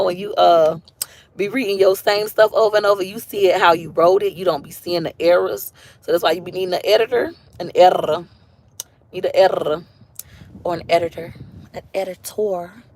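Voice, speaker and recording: A lively woman with an African American accent talks casually to her livestream viewers. She chats in a loose, animated way and often jumps into high, mocking voices when she quotes other people. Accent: African American English. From Tampa, Florida. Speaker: livestream host.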